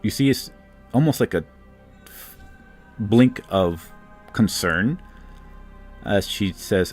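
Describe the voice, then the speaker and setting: A man's voice: fairly low pitch, animated, takes it slowly, long pauses, soft background music. A man narrating a tabletop game as game master, describing scenes loosely and with frequent fillers.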